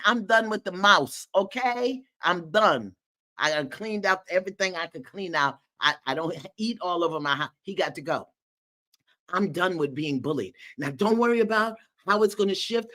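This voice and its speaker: Animated woman hosting a live call. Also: medium pitch. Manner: animated, laughing, folksy and preacherly, calls out encouragement. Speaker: host of a live community call. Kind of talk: lively live-stream talk, reading viewer comments aloud. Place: her home in the countryside.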